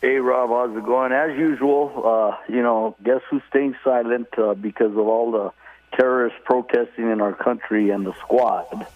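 A man's voice: mid-range voice, fairly even intonation, moderate pace. Male radio caller, indignant and rambling, phone-line sound. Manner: rambling, full of fillers, indignant. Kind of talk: call-in talk.

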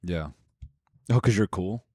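A man's voice: low-pitched, a little slow, a little mellow, breathy edge, dry recording, studio quality. A man co-hosting a podcast, laid-back and teasing, mostly giving short replies and jokes. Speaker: podcast co-host. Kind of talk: casual chat. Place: studio.

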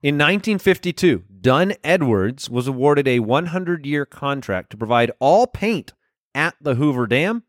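A man with a lively, swinging voice hosting a comedy podcast. He teases his co-hosts and laughs a lot as he reads out the game segments. His voice is dry and close to the mic. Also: fairly high pitch, dry recording. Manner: playful, laughing, quick questions. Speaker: podcast host. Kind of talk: casual comedy podcast banter.

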